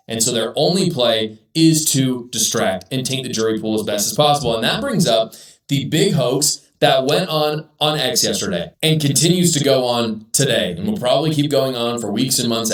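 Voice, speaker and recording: A man's voice: mid-range voice, normal speed, echoey room, far from the mic, low-quality recording. A male commentary host reading out news stories and tearing into them with heated, indignant rants.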